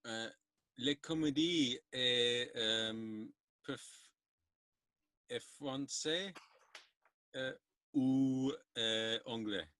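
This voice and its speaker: A man hosting a podcast, asking questions in halting, hesitant French with many fillers. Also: medium pitch, sharp tone, no echo. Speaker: podcast host. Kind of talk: casual podcast chat.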